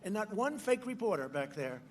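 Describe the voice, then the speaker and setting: A man giving a campaign rally speech at a podium microphone, mocking and repetitive, shouting lines out to the crowd. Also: high voice, very animated, normal speed, a little hiss or hum. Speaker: politician addressing a rally crowd. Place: large outdoor rally.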